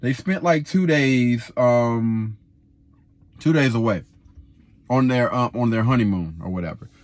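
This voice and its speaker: A man in his twenties, a videographer, telling a story in a casual, slangy, animated way. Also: mid-range voice, unhurried, no room sound, studio quality. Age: 20s. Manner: animated, slangy, repeats himself.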